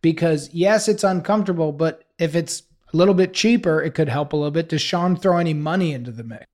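High-voiced, profane, joking man. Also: fast talker, a little mellow. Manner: playful, profane, goofing around. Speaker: podcast co-host. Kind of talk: casual podcast chat.

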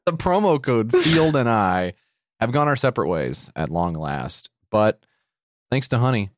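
A comedy podcast co-host with a mid-range voice reads a sponsor ad casually, a little slowly, with big pitch swings. He keeps joking, riffing, and drifting off-script, all captured in clean studio sound with no echo.

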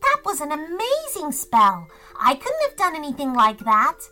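Cheeky little girl voice, a woman puts it on, high and bouncy, slow. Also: huge pitch swings, pushed and bright, soft background music, full character voice. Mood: eager. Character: cheeky, cheerful young girl.

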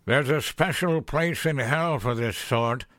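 A man's voice: mid-range voice, unhurried, fairly bright tone, no echo, natural voice. A man voicing a menacing inhuman male demon who deals in souls, in a cold, judging manner for an audio horror story. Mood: ominous.

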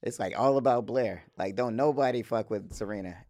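A man's voice: on the low side, brisk, darkish tone, no room sound, studio quality. A man co-hosting a casual TV recap podcast, laid-back and slangy, laughing often. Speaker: podcast co-host.

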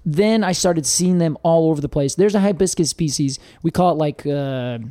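A man's voice: on the high side, normal speed, dark tone, no echo. A man co-hosting a podcast in casual chat, rambling and often searching for words with fillers. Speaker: podcast co-host.

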